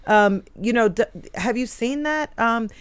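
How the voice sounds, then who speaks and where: Male radio host, smooth clear voice, dry studio sound, conversational. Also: very high-pitched, a bit bright, no echo. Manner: conversational, quick to affirm. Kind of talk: radio call-in hosting.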